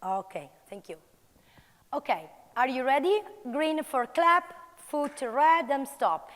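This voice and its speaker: Woman, Italian accent, conference workshop leader, energetic calls, reverberant hall. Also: high voice, slow pace. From Italy. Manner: energetic, calls out commands to the audience. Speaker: conference speaker. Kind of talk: live workshop demonstration.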